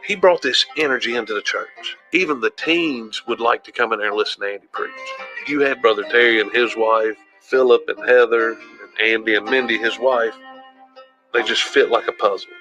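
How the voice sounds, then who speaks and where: A man's voice: mid-range voice, moderate pace, bright, forceful tone, faint music behind, low-quality recording. A man, recalling events in a documentary interview and acting out the dialogue he quotes. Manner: storytelling, acts out quoted dialogue. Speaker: interviewee, former church member.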